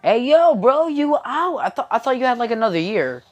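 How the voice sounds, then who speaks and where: A woman voicing a brash, joking young male teacher who talks in loud, slangy bursts. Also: fairly low pitch, lively intonation, a little fast, highs cut off, pitched above the performer's own voice. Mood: excited.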